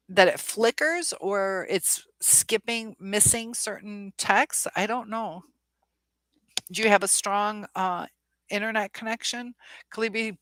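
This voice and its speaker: A woman's voice: medium pitch, a bit bright, dry recording. A woman hosting a casual live stream, reading viewer comments aloud and chatting back with lots of ums.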